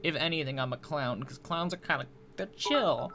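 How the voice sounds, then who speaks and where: A man streaming live, rambling through a mock-tearful fake apology in a deadpan, stammering way. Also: on the high side, normal speed, soft background music. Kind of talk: mock-tearful livestream banter.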